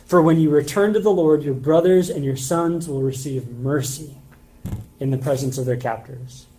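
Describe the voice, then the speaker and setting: A man's voice: fairly high pitch, normal speed, warm tone, rough recording. A man preaching a sermon in a church, reading scripture aloud and explaining it in a loose, conversational way. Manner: conversational, casual filler words; reads scripture passages aloud. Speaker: pastor.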